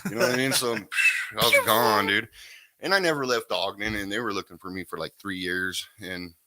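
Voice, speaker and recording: Fairly low-pitched and sharp in tone, this man talks at a moderate pace during a relaxed interview chat. He rambles easily through the story of his recovery, leaning often on "you know what I mean."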